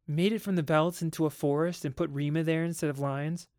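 A man's voice: on the high side, fairly even intonation, brisk, a little mellow, no echo, studio quality, lightly acted. A man voicing a worried, questioning mother. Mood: anxious. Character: worried mother, uneasy wife. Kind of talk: dramatic audiobook reading.

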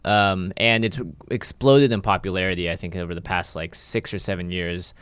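A man's voice: deep voice, steady tone, moderate pace, a bit bright, smooth, no room sound. A young man with a Canadian accent, a podcast guest who talks in an easygoing, jokey way. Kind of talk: casual interview chat.

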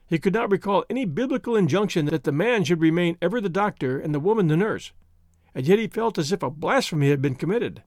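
A man reading a classic story aloud in a measured, expressive way. His voice sits fairly high for a man and moves a great deal in pitch. The recording is close and dry, with no room sound. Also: no room sound. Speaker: audiobook narrator. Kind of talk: scripted narration of a classic story.

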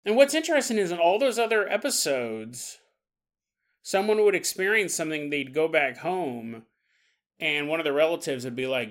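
A man hosting a podcast, retelling a story in a casual, animated way and acting out the people he quotes. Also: a little high, moderate pace. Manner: animated, acts out quotes with playful voices. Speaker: podcast host.

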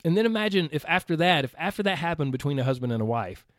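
A man's voice: a little high, sing-song, fast talker, no echo, clean studio sound. A man coaching listeners through an earnest, conversational motivational talk, repeating phrases for emphasis. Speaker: health and weight-loss coach.

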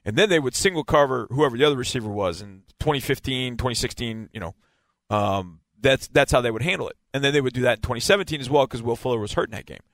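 A man's voice: mid-range voice, lively intonation, fast, a bit bright, no echo. A man giving a casual football breakdown, explaining and stressing key words again and again. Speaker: football analyst.

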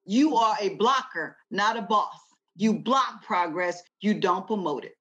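A woman's voice: medium pitch, a little slow, highs cut off. A woman guest talking emphatically in a casual conversation, shifting into a preacher-like delivery and telling stories with energy. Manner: lively, animated storytelling.

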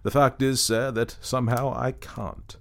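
A man's voice: medium pitch, flat delivery, a little slow, creaky, pitched above the performer's own voice. A man doing a timid, flustered young ghost. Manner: meek, apologetic, flustered. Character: weak, silly, aimless young male ghost.

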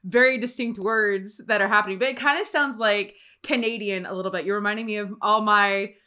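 A woman from Louisiana hosting a casual chat, animated and full of quick questions and laughs. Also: medium pitch.

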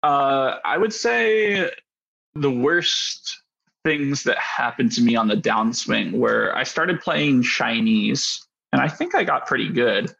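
A man's voice: mid-range voice, lively intonation, slow, vocal fry, a bit bright, muffled recording. A man casually telling a rambling story about poker hands, full of fillers and self-deprecating asides. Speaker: poker player guest.

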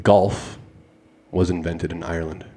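A man from Calgary in casual chat with friends, playful and quick to shout out answers. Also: low voice. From Calgary, Canada. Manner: playful, bursts into excited shouts.

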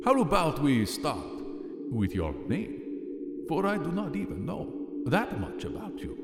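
A man's voice: fairly high pitch, huge pitch swings, a little slow, vocal fry, big-room sound, very noisy, pitched above the performer's own voice, heavily acted. A man voicing a friendly fruit bat. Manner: formal old-fashioned phrasing, gently curious. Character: friendly large male fruit bat, enthusiastic, courtly. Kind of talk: audiobook character voice.

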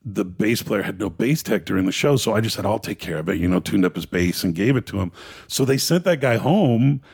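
A middle-aged man spinning casual road stories in a heavily gravelly voice. His tone is husky and raspy, and he rambles along with plenty of "you know"s. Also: fairly low pitch, expressive, fairly quick, a little mellow. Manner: laid-back, rambling, with many "you know"s and "like"s. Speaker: guest, former touring crew member. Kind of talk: casual storytelling on a podcast.

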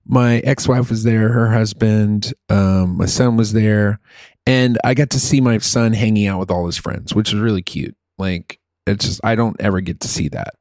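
A middle-aged man telling a long story in casual chat. He talks in an animated, rambling way and drops in the odd swear and "dude". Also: lowish voice, moderate pace, dry recording, clean studio sound.

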